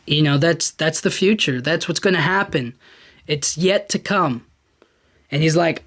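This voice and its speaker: Rambling, animated podcast host, a man. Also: fairly high pitch, normal speed. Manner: animated, rambling, talks to the listener directly. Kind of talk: casual commentary.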